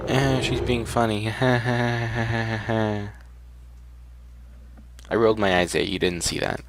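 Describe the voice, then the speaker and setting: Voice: medium pitch, fairly even intonation, slow, noisy background. A game streamer giving casual, wry commentary while playing, reacting sarcastically and laughing often. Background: game music.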